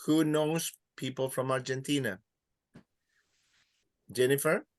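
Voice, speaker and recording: Slow, patient male teacher. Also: mid-range voice, steady tone, no room sound. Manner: patient, repeats words slowly for students. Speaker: Spanish teacher. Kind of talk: classroom teaching.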